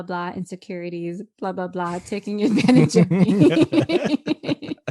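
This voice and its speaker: A woman's voice: medium pitch, darkish tone. A woman co-hosting a podcast, chatting casually while she recaps a TV episode and laughs often. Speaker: podcast co-host.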